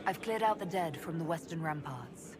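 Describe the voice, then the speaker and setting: An actress playing a calm, resolute female leader in a game, speaking in a measured, formal way. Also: sits low, crowd noise, background noise.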